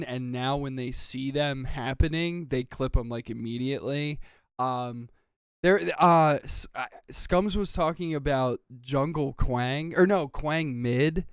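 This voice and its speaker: Man, podcast host, casual rambling chat, swears a lot, smooth clear voice, dry close sound. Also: fairly high pitch, no echo. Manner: rambling, heavy filler words and swearing.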